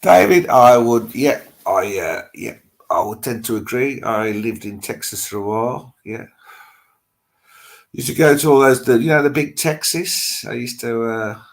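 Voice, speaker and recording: A man's voice: mid-range voice, vocal fry. A middle-aged man with an English Midlands accent, hosting a live stream and chatting loosely with viewers' comments, rambling as he thinks aloud.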